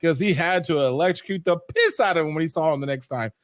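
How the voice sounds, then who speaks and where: A man hosting a casual podcast chat, animated, swearing freely and acting out quotes. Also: fairly high pitch, fast talker, no room sound, clean studio sound. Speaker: podcast host.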